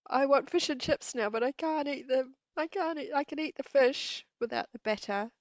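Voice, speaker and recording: Her high-sitting voice moves at a normal speed as she runs a casual craft livestream, giggling and chatting with viewers in a New Zealand accent. Recorded on an earpiece and desk mic, the audio is dull with no room sound.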